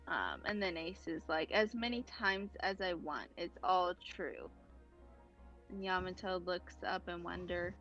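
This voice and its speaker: A woman's voice: lowish voice, lively intonation, a little slow, a bit bright, lo-fi sound, faint music behind. A woman co-hosting a podcast, casually describing comic panels and reading out the dialogue, hesitant with many ums. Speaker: podcast co-host.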